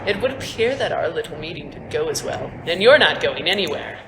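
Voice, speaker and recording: A woman's voice: low-pitched, expressive, a little fast, noisy background. A woman putting on a smug, polite pirate captor. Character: tall skinny male pirate, smug and menacing. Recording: echoey room on a phone.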